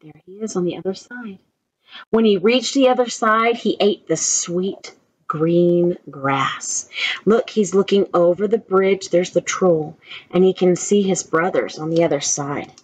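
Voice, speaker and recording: A woman reading a children's story aloud, slow and gentle, asking the children questions as she goes. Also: lowish voice, breathy edge, low-quality recording. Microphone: own camera.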